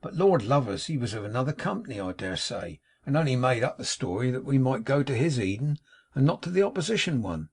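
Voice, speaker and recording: A man's voice: medium pitch, very animated, fairly quick, breathy edge. A man voicing a cheerful, ever jolly working-class manservant with a chirpy way of talking. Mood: easygoing. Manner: chirpy, brightly drawn out dialect.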